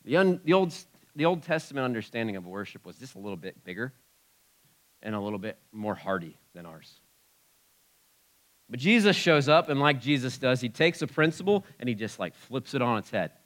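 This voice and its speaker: A man preaching a sermon in a church, moving from soft asides to loud exclamations. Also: mid-range voice, fairly quick. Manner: animated, swings from soft asides to loud shouts. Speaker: pastor.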